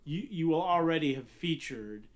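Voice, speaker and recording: A man's voice: on the high side, expressive. A man co-hosting, chatting casually and cutting in with encouraging remarks. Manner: encouraging, quick interjections. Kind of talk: casual chat.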